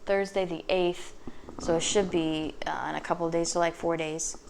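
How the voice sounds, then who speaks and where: A woman giving a casual tarot reading, chatty and sassy, swearing freely and tossing off quick acted asides. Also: sits low, little pitch movement, vocal fry, slight background noise. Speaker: tarot reader.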